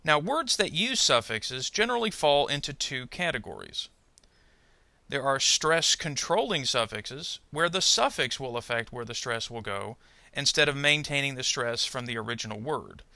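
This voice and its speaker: A man narrating a pronunciation lesson, speaking carefully and modelling example words slowly. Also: mid-range voice, expressive, gravelly, bright, forceful tone, dry recording. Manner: slow, careful, modelling word stress. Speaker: ESL pronunciation teacher. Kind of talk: scripted instructional narration.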